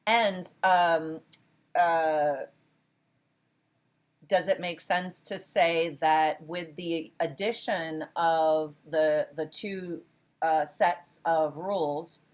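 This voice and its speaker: Speaking very slowly in a low, steady voice, a woman leads her college philosophy class as an interactive lecture. She cheers her students on with frequent praise and often corrects herself by starting sentences over.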